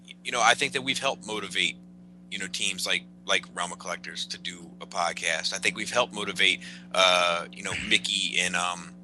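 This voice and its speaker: A man co-hosting a casual podcast, halting and restarting often, with fillers and swearing. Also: low voice, sharp tone, slight background noise, rough recording. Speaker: podcast co-host.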